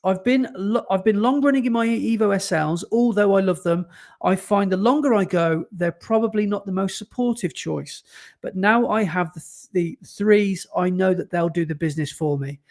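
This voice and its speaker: A man with a notably high voice hosts a casual podcast. He reads listener emails aloud in an animated way and breaks into laughter often. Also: normal speed. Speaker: podcast co-host.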